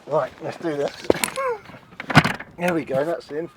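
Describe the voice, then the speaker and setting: A man's voice: a little high, steady tone, unhurried, long pauses, very noisy. A man chatting casually in a wry, self-mocking way while showing off the inside of a passenger van. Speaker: van reviewer. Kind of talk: casual hands-on vlog demo.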